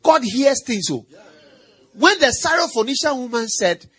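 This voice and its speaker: A middle-aged man preaching, his voice riding high and swinging widely in pitch. The tone is husky, and he talks in a playful, animated way, firing questions at the congregation and breaking into animal sounds. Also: normal speed. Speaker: pastor. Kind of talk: sermon.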